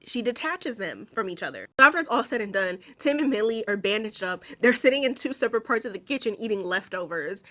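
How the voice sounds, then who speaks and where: Female recap host, casual and profane, storytelling energy. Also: mid-range voice. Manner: profane, animated storytelling with acted-out quotes.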